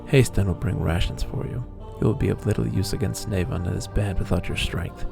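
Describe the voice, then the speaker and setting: A man's voice: low voice, steady tone, a little fast, creaky, over music. A man reading the lines of a stern temple lector who speaks in formal, solemn pronouncements. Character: stern male temple lector, grim and demanding.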